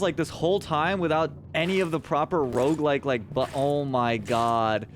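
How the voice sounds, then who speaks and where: A man's voice: fairly high pitch, steady tone, moderate pace, few pauses, slight background noise. A man streaming a video game live, talking to chat in a frustrated, self-deprecating way and swearing often. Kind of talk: live gaming commentary.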